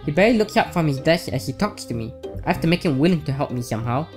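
A woman's voice: low voice, lively intonation, fast, a little mellow, soft background music. A woman hosting a let's play, reading a visual novel's narration aloud in a chatty, lightly wry way.

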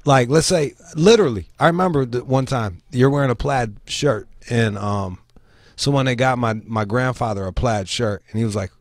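Profane, animated male show host. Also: mid-range voice, moderate pace, dry recording. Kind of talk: casual podcast chat.

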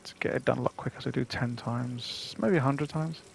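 Male games host, mid-range pitch, gravelly edge, chatty casual commentary. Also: normal speed, a little hiss or hum. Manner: chatty, rambling, self-deprecating. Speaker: gaming channel host.

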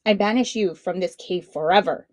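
A proud, menacing shark king who rules his cave, read by a woman in a low, stern storybook voice. The sound is dry and close, with no room around it. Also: moderate pace, darkish tone, dry recording, close to an everyday voice. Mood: angry.

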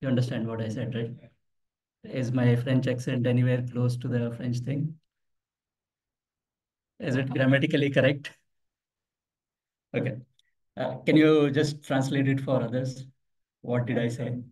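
A man presents a live tech demo at a meetup, his voice in the middle pitch range. He talks casually, tells stories and puts questions to the audience. The voice comes from some distance off the microphone in an office meeting room. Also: little pitch movement, a little slow, long pauses, a little mellow. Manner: conversational, tells anecdotes, asks the audience questions. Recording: voice from far off the mic.

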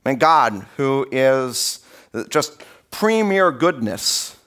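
A man preaching a sermon as pastor in a church, in a conversational, animated storytelling way. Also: medium pitch, slow. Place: church sanctuary.

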